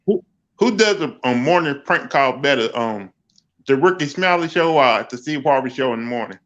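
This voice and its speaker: A man's voice: medium pitch, lively intonation, moderate pace, fairly bright tone. A man in casual chat who hesitates often, with many ums, as he retells jokes. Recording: dull lo-fi sound.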